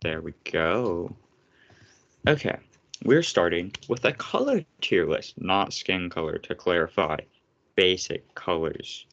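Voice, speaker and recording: A man's voice: sits low, expressive, slow, vocal fry, fairly bright tone, muffled recording. A young man hosting a casual podcast, ranting sarcastically and swearing often. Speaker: podcast host.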